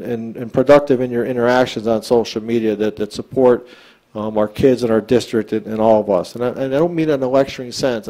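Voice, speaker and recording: Superintendent type, American man, earnest public address, mellow tone, emphatic restarts. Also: medium pitch, rough recording. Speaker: school superintendent. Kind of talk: public address at a school board meeting. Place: school board meeting room.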